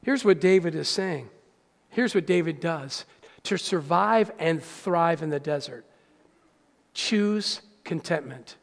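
Male pastor, high gravelly voice, dynamic sermon delivery, echoey church hall. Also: animated, unhurried. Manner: preaching with swings from hushed to loud, calls to the congregation.

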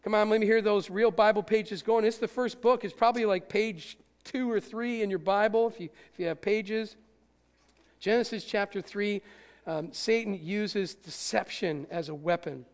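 A male pastor preaching with animated, pointed rhetorical questions to his congregation. His voice is high with a gravelly grain. Long reverb trails behind him in a church hall. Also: normal speed. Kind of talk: sermon.

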